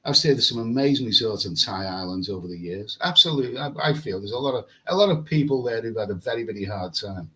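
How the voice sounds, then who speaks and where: In poor audio, a travel vlogger rambles through a casual live stream in his air-conditioned hotel room, repeating words as he reads out comments. His fairly low voice is animated, pushed and bright, moving quickly with hardly any pauses.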